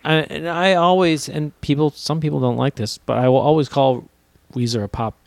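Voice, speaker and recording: A man's voice: fairly high pitch, steady tone, moderate pace, creaky, a little mellow, no echo. A man co-hosting a podcast in casual chat, swearing freely and laughing often. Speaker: podcast co-host.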